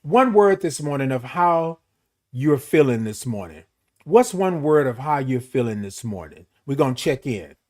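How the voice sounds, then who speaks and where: A man's voice: mid-range voice, very animated, normal speed, darkish tone. A middle-aged man hosting a casual morning live stream, greeting viewers, reading their comments and stretching out words playfully.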